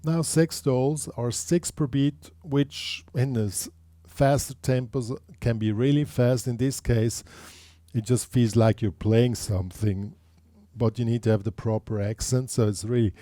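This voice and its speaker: A man's voice: mid-range voice, steady tone, measured pace, dark tone, no room sound. A man teaching a guitar lesson, explaining patiently step by step and counting beats aloud.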